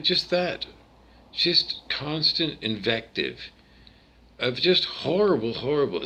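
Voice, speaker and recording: A man's voice: sits low, pushed and bright. A man from Canada talking alone to camera in a rambling, digressive monologue full of tangents and restarts. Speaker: vlogger.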